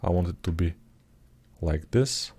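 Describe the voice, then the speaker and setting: A man talking through his 3D sculpting work in a live tutorial, thinking aloud in a relaxed, self-deprecating way, with typing heard behind him. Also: low-pitched, unhurried, slightly rough. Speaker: 3D artist tutor.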